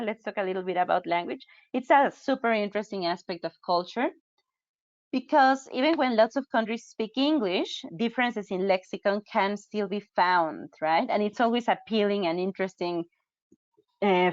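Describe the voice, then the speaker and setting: A woman's voice: fairly low pitch, no echo. Upbeat woman teacher. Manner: upbeat, chatty, reacts to chat comments. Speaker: English teacher trainer. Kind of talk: online webinar teaching. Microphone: computer mic on a video call. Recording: dull, dry webinar audio.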